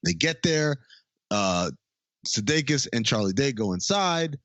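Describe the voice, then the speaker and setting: A man's voice: medium pitch, big pitch swings, measured pace, a bit bright, dry recording. A man co-hosting a podcast, retelling a movie in a casual, profane way and laughing as he goes. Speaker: podcast co-host. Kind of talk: casual movie recap chat.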